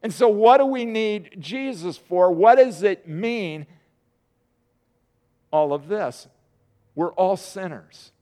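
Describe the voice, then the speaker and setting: A middle-aged male preacher with a notably high voice delivers a sermon. He talks in a plain, conversational manner and leans on repeated words for emphasis. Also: expressive, slow pace, long pauses, dark tone.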